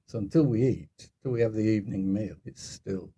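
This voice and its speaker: A man's voice: on the low side, fairly quick, dark tone, a little hiss or hum. A man, co-hosting a podcast and telling travel anecdotes in casual chat, laughing through his stories. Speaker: podcast co-host.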